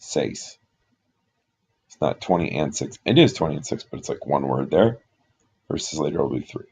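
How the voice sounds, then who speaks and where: A man's voice: a bass voice, animated, gravelly, a little mellow, husky. A man teaching Spanish numbers, patient and methodical, explaining step by step. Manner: slow, patient, talks through examples step by step. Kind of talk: explaining at a board.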